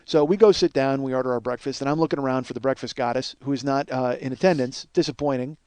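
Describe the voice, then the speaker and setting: A man in his forties hosting a podcast and telling a comic story, profane and self-mocking, and he gets loud and worked up. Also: medium pitch, quick pace, clean tone, no echo. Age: 40s. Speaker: podcast host.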